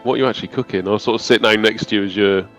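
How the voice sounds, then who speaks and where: Lower-voiced wry man player. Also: steady tone, very fast, highs cut off, faint music behind. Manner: laughing, wry. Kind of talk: tabletop role-play chat.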